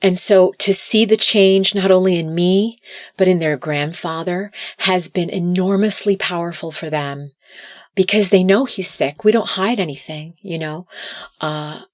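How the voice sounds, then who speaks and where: A woman's voice: on the low side, measured pace, no room sound, studio quality. A middle-aged woman talking earnestly as a podcast guest, sometimes repeating words as she restarts. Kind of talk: casual interview talk.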